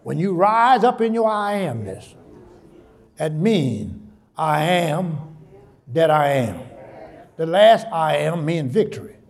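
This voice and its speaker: A man preaching a sermon in church, repeating phrases and building to shouted call-and-response. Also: on the high side, expressive, slow, pauses often.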